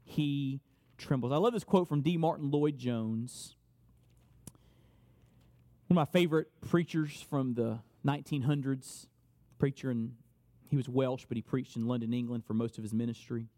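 A man's voice: mid-range voice, normal speed, long pauses, warm tone, in a large hall. A man preaching a sermon as pastor, emphatic, repeating his key phrases for weight.

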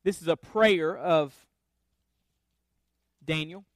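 A man's voice: fairly high pitch, takes it slowly, no room sound, clean studio sound. A man preaching a sermon, teaching from scripture with emphatic, repeated refrains. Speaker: pastor.

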